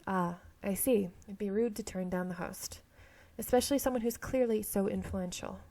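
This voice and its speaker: A woman reading a romance game's narration aloud, with a touch of vocal fry in a mid-range voice. She stumbles on words and corrects herself with casual asides. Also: mid-range voice, normal speed, dark tone. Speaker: game streamer reading aloud.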